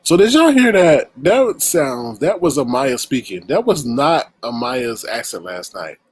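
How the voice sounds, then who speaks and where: A man's voice: mid-range voice, very animated, measured pace, no echo. A man hosting a casual livestream commentary, chatty and greeting viewers by name as he talks. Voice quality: husky. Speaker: livestream host.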